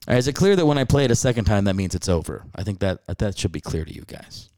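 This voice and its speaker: A man's voice: on the low side, sing-song, fast talker, mellow, no room sound, clean studio sound. A young adult man hosting a casual comedic podcast, rambling with irreverent, profane asides. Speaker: podcast host.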